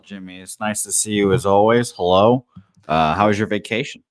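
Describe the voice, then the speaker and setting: Rambling low-voiced man, dry close mic. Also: normal speed, no echo. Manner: rambling, self-deprecating, many fillers. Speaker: co-host. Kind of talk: casual chat and race calling. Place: his new apartment.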